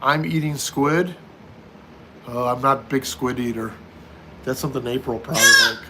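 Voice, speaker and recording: This American livestream host is a middle-aged man who reads viewer comments aloud and answers them one after another. His voice sits at medium pitch and moves at a normal speed, though the recording is very noisy.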